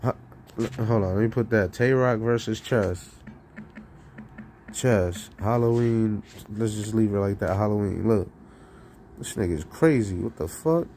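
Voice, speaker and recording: A man talking casually on his live stream, rambling and profane, laughing between lines and swinging from loud outbursts to low mutters. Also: a little slow, a little hiss or hum. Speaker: streamer and rapper.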